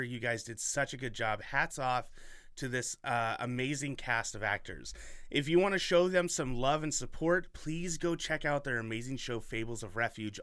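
A man's voice: mid-range voice, sharp tone, clear, resonant tone, no room sound, clean studio sound. A man hosting a podcast in casual chat, rambling and enthusiastic with lots of fillers. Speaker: podcast host.

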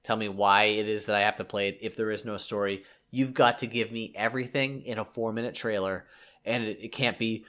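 A man's voice: on the low side, fairly even intonation, fairly quick, a bit bright. A man in a casual gaming discussion, speaking emphatically with repeated demands.

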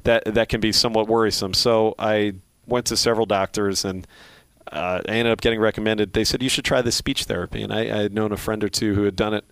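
A middle-aged man from Philadelphia speaks in a low voice with a faint Philly accent. He is a play-by-play broadcaster, thinking aloud in a relaxed interview, full of restarts and fillers. The sound is dry and close. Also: quick pace, clean tone, no room sound. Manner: reflective, many restarts and fillers. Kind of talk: casual interview talk.

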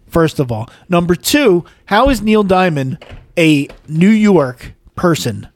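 A man's voice: high voice, sing-song, takes it slowly, no room sound. A man co-hosting a casual podcast, ranting in exasperation and swearing. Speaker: podcast co-host. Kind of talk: casual chat.

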